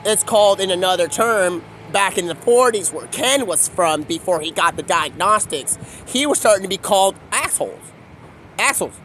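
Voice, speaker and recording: A man's voice: high-pitched, a bit bright, a little hiss or hum. A man live-streaming outdoors on his phone, talking in a rambling, free-associating monologue that jumps from topic to topic. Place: outdoors on a city street.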